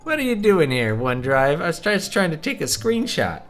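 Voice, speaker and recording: Playful, animated man commenting on gameplay. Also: fairly high pitch, a little fast, faint music behind. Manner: playful, joking and laughing often. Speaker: let's-play host. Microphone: desk microphone at a computer.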